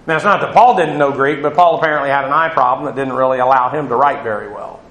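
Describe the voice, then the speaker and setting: A man's voice: medium pitch, fast, a bit bright. Man preaching in an echoey room. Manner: conversational, digressive, frequent uh fillers. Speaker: pastor. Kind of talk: sermon.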